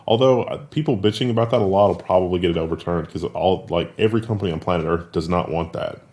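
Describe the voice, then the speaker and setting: A man with a fairly low voice co-hosts a casual tech news discussion. He talks quickly and mixes in laughs and sarcastic asides. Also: darkish tone.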